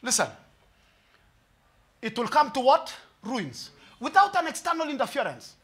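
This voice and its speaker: A man preaching a sermon, mixing in Swahili and humor, swinging from hushed lines to shouts. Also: very high-pitched, sing-song, normal speed. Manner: mixes English and Swahili with humor. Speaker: pastor.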